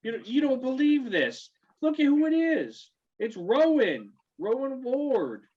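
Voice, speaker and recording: A man's voice: very high-pitched, very animated, slow pace, voice pushed up, exaggerated voice. A man voicing a laid-back, crude young frat-bro cultist who drawls surfer slang, recorded on dull lo-fi audio. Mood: whiny.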